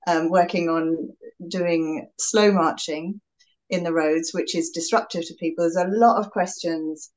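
A woman's voice: lowish voice, fairly even intonation, unhurried, darkish tone, rough recording. A woman moderating an online evening, politely gathering and reading out audience questions. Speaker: event moderator.

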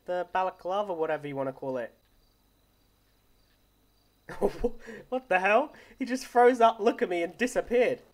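A man's voice: sits high, normal speed, long pauses. A man who makes gaming videos, chatting casually and joking around during role-play. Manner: joking, laughs often. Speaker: gaming YouTuber.

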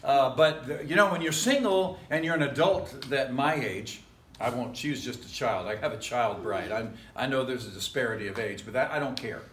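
A man's voice: medium pitch, normal speed, fairly bright tone. A man preaching a casual, rambling sermon as pastor, full of jokes and chuckling asides, recorded in a church sanctuary. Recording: echoey church room.

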